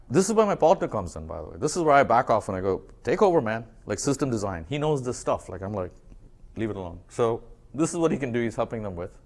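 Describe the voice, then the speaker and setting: A man speaking to a live audience in a relaxed, conversational way. He tells his work stories with animation and slips into quoted dialogue as he goes. His voice sits at an ordinary middle pitch. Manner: animated storytelling, acts out dialogue. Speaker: speaker presenting branding work.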